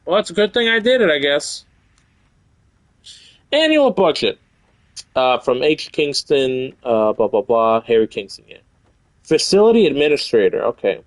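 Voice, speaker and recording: A young man streaming a video game, swearing excitably and reading in-game notes aloud. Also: fairly high pitch, normal speed, long pauses, no room sound. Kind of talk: casual live gameplay commentary.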